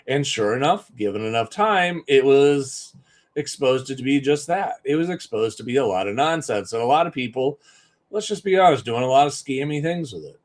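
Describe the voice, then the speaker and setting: A man's voice: mid-range voice, animated, a little fast. A man giving an emphatic, conversational live-stream talk as a business coach, often repeating points for stress.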